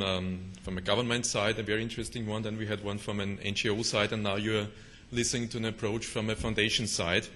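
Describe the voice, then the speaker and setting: A man's voice: on the low side, a bit bright, a little hiss or hum. A middle-aged man with a German accent giving a conference presentation, hesitant with many fillers and restarts. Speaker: conference speaker.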